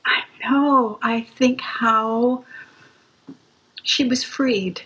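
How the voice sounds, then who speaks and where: A woman recounting a hospice experience in an interview, gently and reflectively. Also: fairly high pitch, steady tone, breathy edge, rough recording. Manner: gentle, slow, reflective storytelling. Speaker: music practitioner playing for hospice patients. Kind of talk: interview storytelling.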